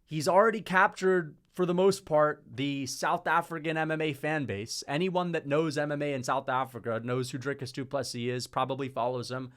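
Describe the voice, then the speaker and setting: A man's voice: on the high side, steady tone, moderate pace, hardly any pauses, a bit bright. A man giving casual, emphatic opinion commentary as a YouTube MMA commentator, with frequent "like" fillers.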